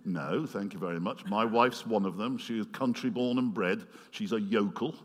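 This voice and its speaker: A man preaching a sermon, retelling a story with animated swings between loud passages and quiet, earnest asides. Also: on the low side, normal speed, husky. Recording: long hall reverb.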